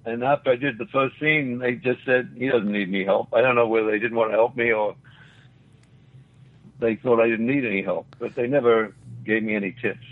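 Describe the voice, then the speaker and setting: A man's voice: mid-range voice, fairly even intonation, a little fast. Older Australian man telling stories on radio. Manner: rambling, chuckling, acts out quotes. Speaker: interview guest, former actor. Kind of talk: anecdotal storytelling. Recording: phone-like radio line.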